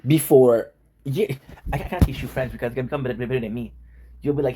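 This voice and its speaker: A man's voice: medium pitch, quick pace, dark tone, slight background noise. A man streaming from his home kitchen, chatting casually with viewers in a playful, teasing, joking way. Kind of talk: casual live-stream chat.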